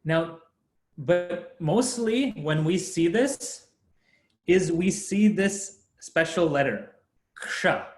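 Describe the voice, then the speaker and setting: A man's voice: high-pitched, lively intonation, slow pace. A young man teaching a Sanskrit class over a video call, patiently explaining step by step and often laughing. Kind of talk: online class lesson. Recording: echoey room.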